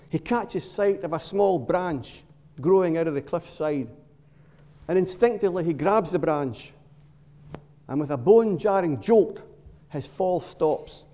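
Male preacher, mellow voice, storytelling sermon, long hall echo. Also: sits high. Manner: storytelling, dramatic pauses and short emphatic phrases. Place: church. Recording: long reverb of a large hall.

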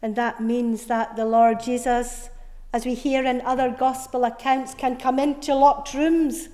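A middle-aged woman preaches an Easter sermon at an unhurried pace, her voice sitting slightly high. She tells her story earnestly, often sinking soft on repeated words, and a long reverb hangs in the church. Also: level tone.

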